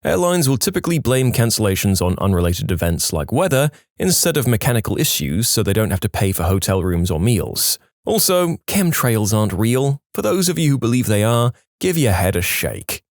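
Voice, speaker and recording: A man with a fairly low voice narrates stories with lots of swing in his pitch. His delivery is playful and a little sarcastic. The sound is close and dry, with no room around it. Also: very animated, moderate pace, hardly any pauses, no room sound. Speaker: narrator reading online posts. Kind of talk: storytelling narration.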